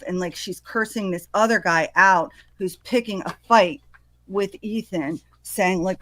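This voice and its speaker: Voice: mid-range voice, slow, a bit bright, no room sound. A guest talking casually, peppering speech with "like" and "you know". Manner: talkative, many "like" fillers. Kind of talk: casual discussion.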